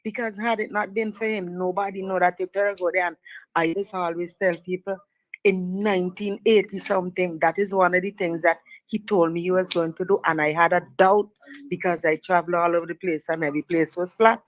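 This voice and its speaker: A man's voice: high-pitched, fairly even intonation, a little fast, low-quality recording. Male caller, folksy, teasing, chuckles at himself. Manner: teasing, folksy, laughs at his own jokes. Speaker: radio caller. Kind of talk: casual call-in chat.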